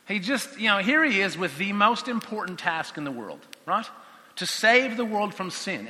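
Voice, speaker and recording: Animated man teaching in a reverberant hall. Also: high-pitched. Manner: animated, acts out quotes in voices, conversational asides. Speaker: teacher of a Bible course. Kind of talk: lively Bible teaching talk.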